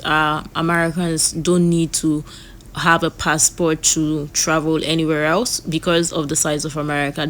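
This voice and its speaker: A woman's voice: low voice, pushed and bright, slight background noise. A woman hosting a reaction video, talking earnestly and rambling, often repeating herself. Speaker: reaction channel host. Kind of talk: casual reaction commentary.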